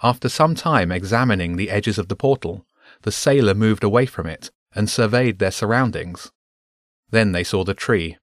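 Low-voiced male audiobook narrator. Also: animated, moderate pace, no echo, studio quality.

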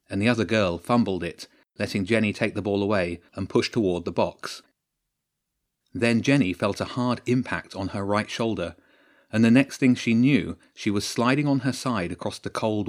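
A man reading a story aloud as narrator, at a measured, steady pace. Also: lowish voice. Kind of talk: audiobook narration.

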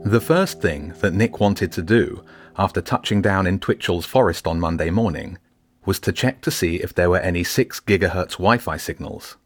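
A man reading his own novel aloud as an audiobook, in a measured, steady way. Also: low voice, husky, faint music behind. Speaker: author reading own book. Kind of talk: audiobook narration.

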